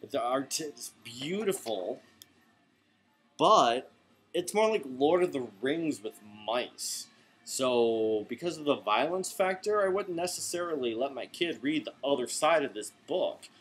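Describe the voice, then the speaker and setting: A man's voice: medium pitch, lively intonation, a little slow, fairly bright tone, slightly rough, soft background music. A man who runs a comic shop, reviewing comics in a chatty, rambling way late at night, tired but enthusiastic. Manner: chatty, enthusiastic, goes off on tangents.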